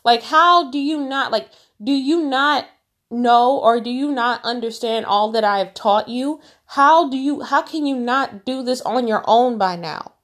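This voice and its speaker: A woman's voice: a little high, measured pace, a bit bright. A woman voicing an exasperated male teacher who scolds his students with incredulous rhetorical questions.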